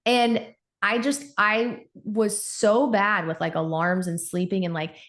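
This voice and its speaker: A woman in her forties, an endocrinologist guest on a podcast, telling stories in an animated, conversational way. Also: medium pitch, slow pace. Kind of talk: casual podcast interview.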